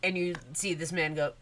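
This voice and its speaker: A woman's voice: fairly low pitch, pushed and bright. A woman narrating a tabletop game as game master, describing scenes with plenty of "like"s. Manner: descriptive, filler-heavy.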